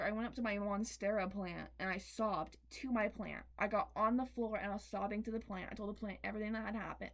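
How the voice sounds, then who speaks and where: A young woman telling a personal story to her viewers, candid and emphatic, swearing freely and swinging between excitement and tears. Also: a little high. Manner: emphatic, repeats words. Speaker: vlogger. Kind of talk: confessional storytime.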